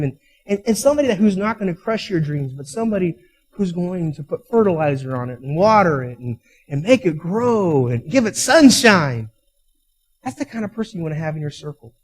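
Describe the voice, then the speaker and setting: High-voiced preacher, emphatic storytelling. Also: male voice, slightly rough, rough recording. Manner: storytelling, acts out quoted voices; emphatic, rising to loud peaks. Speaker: pastor. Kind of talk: sermon.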